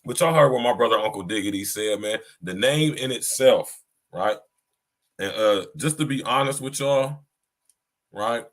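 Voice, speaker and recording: A man's voice: fairly low pitch, moderate pace. Blunt slangy man hosting a podcast. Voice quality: blunt, slangy and repetitive, often adds "you hear me". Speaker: podcast host. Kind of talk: casual chat.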